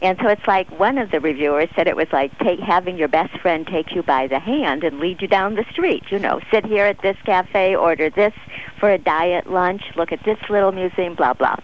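A woman's voice: on the low side, normal speed, a little hiss or hum. An enthusiastic American woman, a travel author, chatting as a guest on a radio interview and often laughing. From United States. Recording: dull, muffled radio audio.

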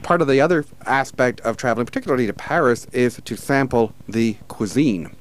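A man hosting a radio interview, asking questions in a measured, polite way with some hesitant fillers. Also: medium pitch. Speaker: radio host.

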